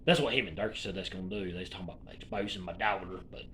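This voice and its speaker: Man, forties, Alabama accent, bright sharp voice, casual profane rambling rant. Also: low voice, racing, a little hiss or hum. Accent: Alabama Southern US. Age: 40s. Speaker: vlogger.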